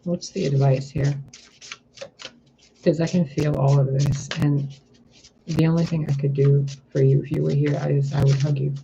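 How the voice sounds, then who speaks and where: A man giving a spiritual tarot reading, talking in a gentle, reflective way and asking rhetorical questions. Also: on the high side, little pitch movement, moderate pace, creaky, long pauses, lo-fi sound, noisy background. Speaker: tarot reader.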